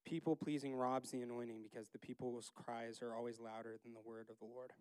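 A man leading a casual Bible study, chatty and laughing, acting out the characters in quick asides. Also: mid-range voice, flat delivery, a little mellow, smooth, no echo.

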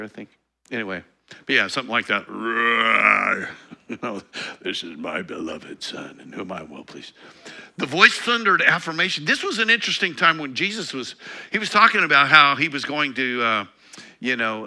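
A man's voice: medium pitch, sharp tone. A man preaching a conversational sermon, reading scripture and teaching with light laughs and self-corrections. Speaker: pastor.

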